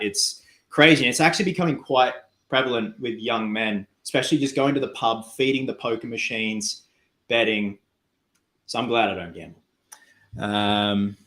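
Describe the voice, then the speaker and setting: A man's voice: mid-range voice, a bit bright. An Australian man hosting a casual livestream, chatting loosely and thanking viewers for donations while crafting. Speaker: cosplay livestream host. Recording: echoey room.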